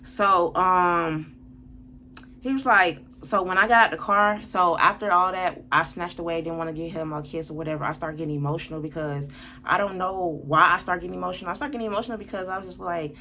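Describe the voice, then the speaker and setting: A woman vents through a storytime vlog, blunt and heavy with profanity. Her voice sits on the low side. A faint hiss lies under the recording. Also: brisk, bright, forceful tone. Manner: blunt, profane, venting and worked up. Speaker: vlogger telling a story. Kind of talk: casual storytime monologue.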